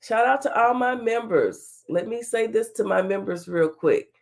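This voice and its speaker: A woman's voice: fairly high pitch, normal speed, creaky. A woman hosting a casual livestream talk show, chatty and folksy, greeting viewers by name while her voice is still a little off from being sick. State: recovering from illness, voice slightly off.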